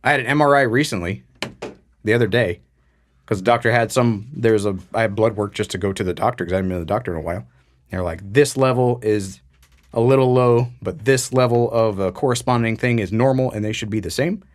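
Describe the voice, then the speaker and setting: A man co-hosting a podcast, telling a long story in relaxed casual chat and acting out the people he quotes. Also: on the low side, fast talker. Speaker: podcast co-host.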